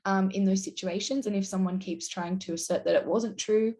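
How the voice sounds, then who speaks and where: A woman's voice: medium pitch, steady tone, a little fast, warm tone. Earnest woman giving casual advice. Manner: earnest, explains with acted example lines. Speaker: YouTube host.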